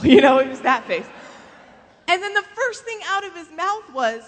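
A woman with a fairly high voice tells humorous faith stories to a live audience. She is an animated storyteller who slips into other people's voices and laughs easily. Her voice rings out with the long reverb of a large hall. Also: moderate pace. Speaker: speaker giving a faith talk.

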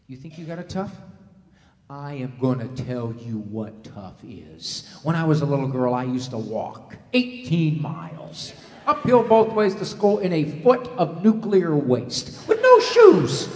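A man voicing a loud, nagging mother who lectures her child without end, in an echoey hall. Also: mid-range voice, animated, a little slow, pitched below the performer's own voice, lightly acted. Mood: self-pitying boast. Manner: loud, nagging, exaggerated tirade. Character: scolding middle-aged mother, endless lecturer.

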